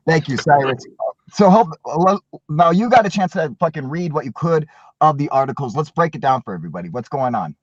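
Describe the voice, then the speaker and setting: A man's voice: fairly high pitch, animated, a little fast, dry recording, muffled recording. A man hosting a casual livestream, joking crudely and swearing a lot. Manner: crude, profane, jokey. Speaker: channel host. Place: at work.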